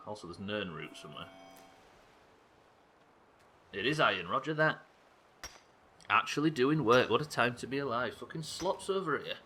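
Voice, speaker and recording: Bright-voiced, joking streamer. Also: male voice, on the low side, slight background noise. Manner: swearing, joking asides to chat. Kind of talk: live gameplay commentary.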